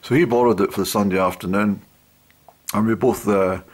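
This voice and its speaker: A middle-aged man telling old stories to a camera, rambling with lots of pauses and fillers. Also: on the low side, fairly even intonation, husky. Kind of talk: casual storytelling to camera.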